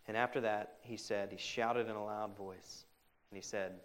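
A pastor delivering a sermon, moving between loud emphatic stretches and hushed, quiet quotations, with conversational asides to the congregation. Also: male voice, fairly low pitch, fairly even intonation, moderate pace.

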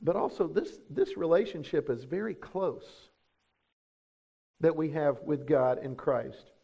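A man's voice: on the high side, unhurried, creaky, warm tone, breathy edge. A man, preaching a sermon as pastor, emphatic and full of rhetorical questions.

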